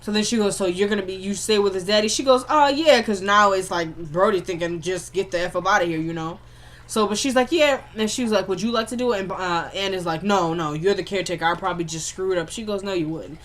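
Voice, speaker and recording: A woman in a casual recap, talking loosely and slangily. She runs through scene after scene and switches between characters' lines in quick back-and-forth. Her voice sits at an ordinary middle pitch for a woman. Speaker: TV episode recapper.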